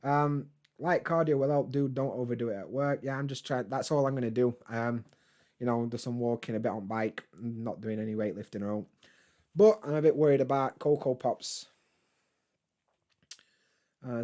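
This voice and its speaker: A man chatting casually on a live stream, reading and answering chat comments in a relaxed, swearing, laughing way. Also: mid-range voice, moderate pace. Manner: laid-back, chatty, swears freely, laughs often.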